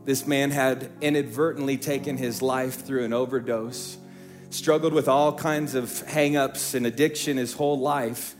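A middle-aged male pastor preaching a sermon from a church stage, telling a story in hushed tones and rising into emphatic preaching. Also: medium pitch, fairly even intonation, moderate pace, faint music behind.

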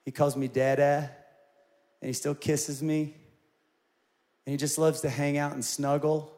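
A man in his forties preaching a sermon, telling personal stories in an animated way and rising to loud, emphatic peaks. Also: on the high side, measured pace. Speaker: pastor.

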